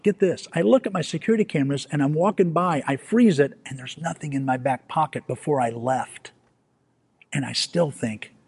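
A man preaching a storytelling sermon, animated and self-mocking, acting out the scenes he recounts. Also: mid-range voice, slightly rough. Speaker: pastor. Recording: long hall reverb.

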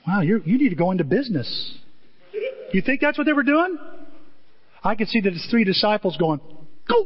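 A male pastor preaching with a lively, fairly high voice that leaps up and down as he acts out the stories. The sound is dull and lo-fi, with a long reverb from a large hall. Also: fairly quick. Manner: animated, acts out scenes in voices. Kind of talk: sermon.

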